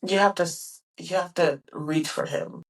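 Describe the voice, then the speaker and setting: A woman's voice: on the low side, measured pace, recorded from a distance, poor audio. Candid young woman telling her story. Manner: candid and animated, acting out dialogue. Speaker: podcast host. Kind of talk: personal storytelling.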